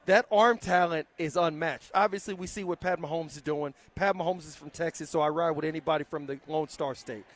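A man, a former football player, making his points on a sports talk show with emphatic, drawn-out explanations. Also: a little high, steady tone, a bit bright.

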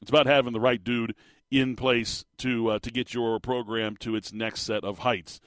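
Opinionated sports radio host, dry studio sound. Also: male voice, mid-range voice, flat delivery, normal speed, a bit bright, no echo. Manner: conversational, opinionated, frequent fillers. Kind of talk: sports talk radio monologue. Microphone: studio microphone.

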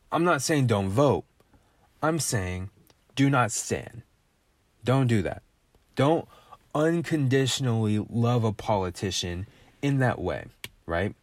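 A man rants on his podcast in a mid-range voice. The sound is dry and close. He is animated and sarcastic, with plenty of swearing. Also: medium pitch, dry recording. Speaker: podcast host. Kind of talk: casual opinion rant.

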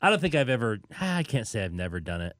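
A man's voice: medium pitch, very animated, fast, a bit bright, dry recording, studio quality. A man hosting a casual sports chat, ranting emphatically and repeating his points. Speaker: sports media host.

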